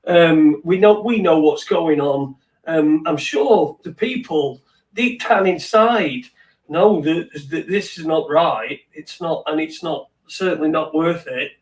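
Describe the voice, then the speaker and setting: A man's voice: a little high, slow. A man hosting a live online chat, speaking hesitantly with many ums and restarts. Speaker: host. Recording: roomy, distant from the mic.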